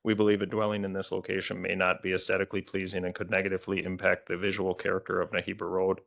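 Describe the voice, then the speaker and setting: A man reading written letters aloud into the record at a county committee meeting, in a flat, even manner with occasional stumbles. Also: low-pitched, fast, gravelly. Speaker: committee staff reading correspondence.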